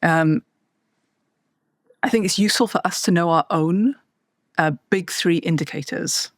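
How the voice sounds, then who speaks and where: A woman's voice: lowish voice, unhurried, no echo, clean studio sound. A woman, a podcast guest, explaining ideas in a thoughtful conversational way with wry, self-deprecating asides.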